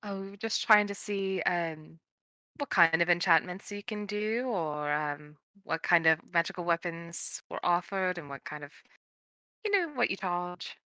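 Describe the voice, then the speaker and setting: Hesitant woman player, bright voice. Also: on the low side, expressive, unhurried, no room sound. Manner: hesitant, many ums. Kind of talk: tabletop role-play in character.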